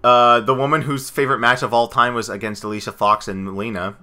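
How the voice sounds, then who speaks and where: A man co-hosting a casual podcast chat, rambling excitably with frequent asides. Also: medium pitch, fast talker. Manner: rambling, excitable, slips into goofy impressions. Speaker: podcast co-host.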